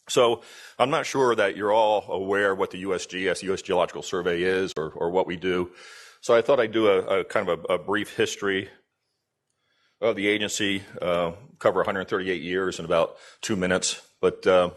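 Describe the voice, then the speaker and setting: Deep-voiced man giving a keynote. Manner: folksy, halting, with frequent restarts and jokes. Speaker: keynote speaker, agency deputy director. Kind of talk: conference keynote speech.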